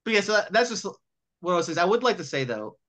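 A man riffing through a casual movie review chat. He talks in a lively, profane way and keeps jumping into quick impressions of the characters. His voice is bright and forceful and sits a little high. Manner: animated, profane, acts out scenes in voices. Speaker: podcast co-host.

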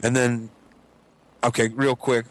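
A young man from Cleveland telling a story in casual chat, animated and swearing freely, acting out the other voices. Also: medium pitch, takes it slowly. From Cleveland, Ohio. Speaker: podcast regular.

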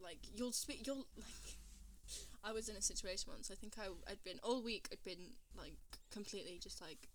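A woman's voice: medium pitch, normal speed, slight background noise. A young British woman hosting a casual podcast chat, talking with many fillers and laughing often. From Britain. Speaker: podcast host.

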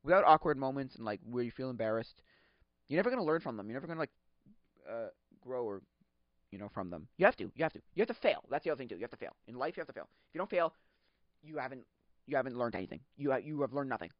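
A man hosting a podcast, chatting casually in a rambling, excitable way, laughing often and acting out quotes. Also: medium pitch, fast, dry recording. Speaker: podcast host. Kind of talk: casual solo chat. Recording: dull lo-fi sound.

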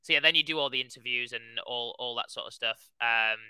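A young man recounts a race to his podcast co-hosts, full of loose filler words and excited asides. His voice is strikingly bright and clean, and the close mic leaves almost no room sound. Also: mid-range voice, brisk, clean tone, no room sound, rough recording. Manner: animated storytelling, heavy use of "like". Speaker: podcast co-host, runner. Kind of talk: casual chat.

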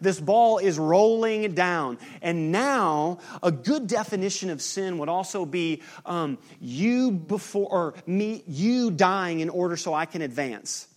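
A man preaching a sermon as pastor, lively and teasing with his congregation. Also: sits high, takes it slowly, hardly any pauses.

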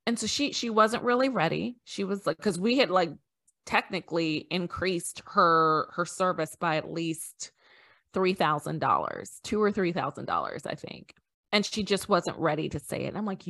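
A woman's voice: fairly low pitch, moderate pace, creaky. A woman who coaches wedding businesses on sales, telling stories as a podcast guest and acting out the dialogue in them. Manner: animated storytelling, acting out quoted dialogue.

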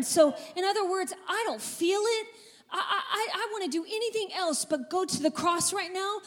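A woman pastor preaching a sermon to a congregation in a church, with energetic, emphatic delivery and repeated phrases. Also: very high voice, moderate pace. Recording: reverberant church hall.

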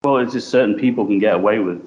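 A podcast co-host with a lowish, darkish voice talks at a quick pace. His casual chat rambles and hesitates, full of fillers, over a dull lo-fi remote line with faint hiss.

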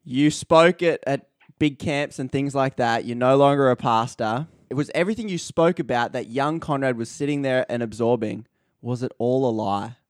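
A man's voice: mid-range voice, moderate pace, dry recording, studio quality. A man co-hosting a casual podcast, playfully quizzing the guest. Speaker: podcast co-host.

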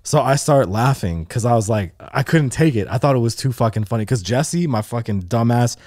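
In a casual chat, a male podcast host in his twenties tells an animated, profane story, acting out the characters involved. His voice sits mid-range at a normal speed, and the studio-quality audio has no room sound.

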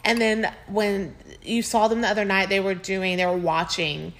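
A woman's voice: medium pitch, little pitch movement. Chatty gushing woman co-host. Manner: chatty, gushing, quick to laugh. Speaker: podcast co-host. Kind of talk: casual chat.

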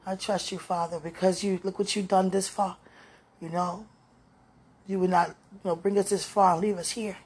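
A woman's voice: fairly low pitch, steady tone, normal speed, darkish tone, husky. A woman speaking tenderly to her viewers in an emotional spiritual monologue, as if talking with God.

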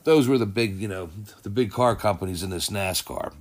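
Brisk and fairly low-voiced, this male podcast host chats loosely about sports results and news, thinking on the fly and correcting himself a lot.

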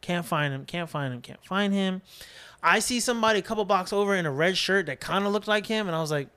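A man casually telling a long story on a podcast, animated, swearing freely and acting out his friends' voices. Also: sits high, quick pace, smooth. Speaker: podcast co-host.

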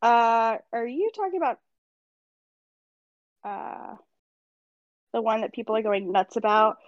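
A woman's voice: on the high side, expressive, unhurried, no room sound. A woman co-hosting a casual podcast chat who talks bluntly and swears easily. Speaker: podcast co-host. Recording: dry, dull lo-fi sound.

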